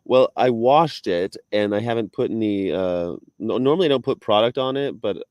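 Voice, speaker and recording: A man chatting casually on a live video stream, laughing often and breaking into high mock voices when he quotes people. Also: normal speed, darkish tone, no echo, clean studio sound. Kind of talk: casual chat.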